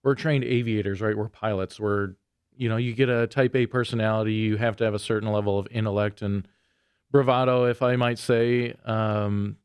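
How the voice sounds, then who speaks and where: Man, podcast host, low smooth voice, dry close mic. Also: fairly even intonation, moderate pace, no echo. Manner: attentive, laughs along, brief reactions. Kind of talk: casual interview chat.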